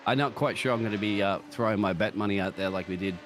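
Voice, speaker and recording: A man with an Australian accent calls a sim race with a lowish voice that leaps up when he gets excited. He jokes and laughs through his commentary. A clear noise hiss sits underneath. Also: quick pace. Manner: jokey, laughing, excitable pitch jumps. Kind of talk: live race commentary banter.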